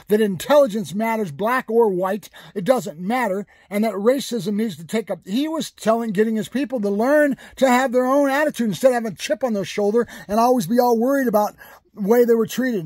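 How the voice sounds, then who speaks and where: Furious high-voiced man ranting. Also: darkish tone, no room sound, clean studio sound. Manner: heated, profane, repetitive and emphatic. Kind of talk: political rant to camera.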